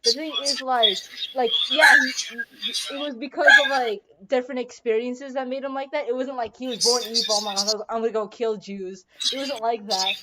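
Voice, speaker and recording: A woman's voice: high voice, moderate pace, hardly any pauses, heavy background noise. A young woman hosting a casual chat, telling rambling stories full of fillers and laughing often. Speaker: podcast host.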